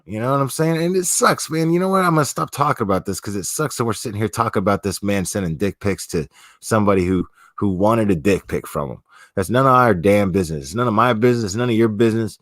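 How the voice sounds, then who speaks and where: A man's voice: on the low side, animated, quick pace, fairly bright tone, dry recording, clean studio sound. A man hosting a livestream, chatting casually with viewers in a profane, slangy, laid-back way. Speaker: livestream host.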